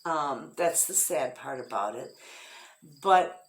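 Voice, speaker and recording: Chatty low-voiced Midwestern woman. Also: slow pace. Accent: Midwestern American. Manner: chatty storyteller, quotes others in lively voices. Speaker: homestead vlogger. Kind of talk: casual chat to camera. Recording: echoey room.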